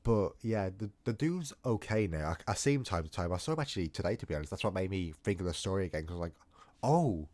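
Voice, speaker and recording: A man's voice: sits low, lively intonation, rapid-fire, few pauses, a little mellow. A young man telling a story casually, rambling and joking at his own expense. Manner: rambling, jokey, self-mocking asides. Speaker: storytime vlogger.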